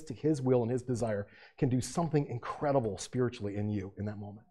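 A man's voice: medium pitch, quick pace, few pauses, warm tone, breathy edge. A man preaching a sermon as pastor, asking his congregation rhetorical questions and rising to fervent emphasis.

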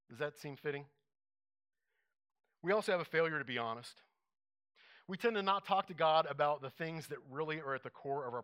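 A man's voice: a little high, fairly bright tone. A man preaching a conversational sermon to a congregation, often asking them questions.

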